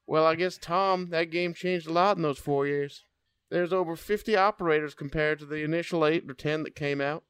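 A man's voice: on the high side, fairly even intonation, fairly bright tone, smooth, no echo, natural voice. Man putting on a tired old prospector's drawl. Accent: put-on American Southern. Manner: slow, drawn-out delivery. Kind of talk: reading a listener letter in character.

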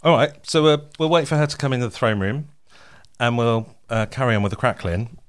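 A man's voice: medium pitch, a little fast, clear, resonant tone. A man hosting a podcast in casual chat, chatty and laughing often. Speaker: podcast host.

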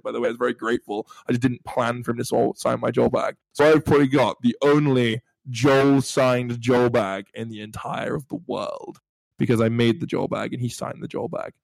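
A young man, telling animated stories with playful bragging as a podcast co-host. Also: mid-range voice, vocal fry, dry recording. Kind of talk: casual storytelling chat.

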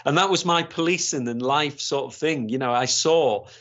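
His voice pitched fairly high and fairly bright, a man in his sixties speaks at a moderate pace about his years in the police. Retired and from Gateshead, England, he rambles with many restarts and fillers in a storytelling interview captured on slightly dull, lo-fi audio.

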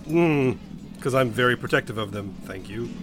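A man's voice: mid-range voice, lively intonation, moderate pace, music in the background. A man playing a tabletop game, sarcastic and swearing casually. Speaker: player.

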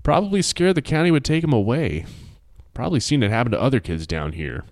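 A man's voice: medium pitch, sing-song, fast talker, a little mellow, dry recording, studio quality, pitched above the performer's own voice. A man voicing a weary, middle-aged small-town sheriff who speaks grimly and plainly. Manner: grim, plainspoken.

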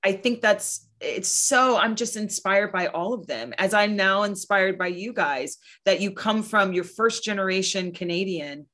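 A woman in her thirties speaks in a casual, earnest chat, pressing her points with emphasis. Her pitch sits in an ordinary middle range, and she slips into quick voices when quoting other people. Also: fairly bright tone. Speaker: podcast host and guest speaker.

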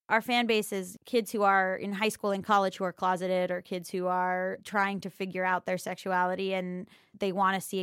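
A woman's voice: mid-range voice, a bit bright, smooth, no echo, clean studio sound. Frank, profane woman YouTuber. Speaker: YouTuber interviewee. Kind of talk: candid interview.

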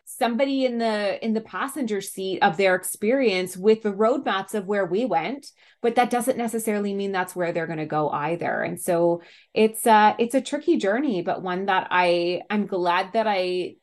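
A woman's voice: medium pitch, normal speed. A mother speaking as a podcast guest, earnest and reflective, with frequent "like" fillers. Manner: earnest, reflective, uses 'like' often. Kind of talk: casual conversation.

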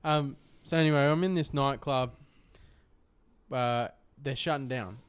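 Young Australian bloke, podcast co-host, foul-mouthed storyteller, mid-pitched. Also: male voice, a little slow, clear, resonant tone. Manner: crude, swearing, rambling anecdote. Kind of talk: casual storytelling chat.

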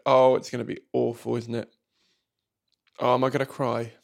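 Gravelly man reading posts aloud. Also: medium pitch, flat delivery, moderate pace, pauses often. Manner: swears freely, mutters asides, hesitant with many fillers. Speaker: streamer reading Reddit posts. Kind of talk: casual chat, reading aloud.

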